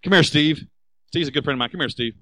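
A man preaching a sermon, animated and asking the congregation rhetorical questions. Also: on the high side, quick pace, poor audio. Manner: acts out quoted voices. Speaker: pastor.

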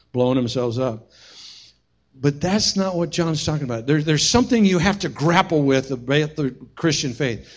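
A man preaching a sermon as pastor, telling stories with humorous asides. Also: mid-range voice. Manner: storytelling, humorous, animated asides.

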